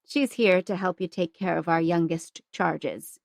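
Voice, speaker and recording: A woman voicing a stern, flustered young nun who scolds in a shrill voice, read as an audiobook. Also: unhurried, vocal fry, no room sound, studio quality. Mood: scolding. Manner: scolding, shrill when cross.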